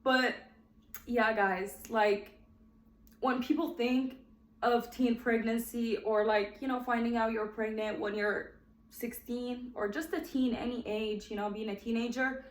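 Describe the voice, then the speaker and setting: A woman's voice: on the high side, fairly even intonation, unhurried, roomy sound. A woman in her twenties hosting her own podcast and telling her life story in a chatty, heartfelt way. She is emotional and close to tears at times. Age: 20s. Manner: chatty and heartfelt, often addresses "guys". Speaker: podcast host.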